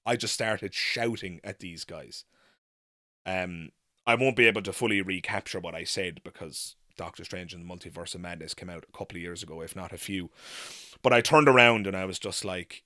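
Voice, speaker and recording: A man with a bright, forceful voice hosts a live Q&A, recounting a story with animated frankness and the odd casual swear. The sound is dry and close, with no room around it. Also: low voice, moderate pace, dry recording. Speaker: host.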